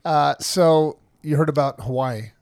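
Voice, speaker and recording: A man's voice: on the high side, a little slow, darkish tone, clean tone, no room sound, clean studio sound. A man hosting a casual podcast, playful and jokey, sounding out of breath. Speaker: podcast host. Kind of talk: casual chat.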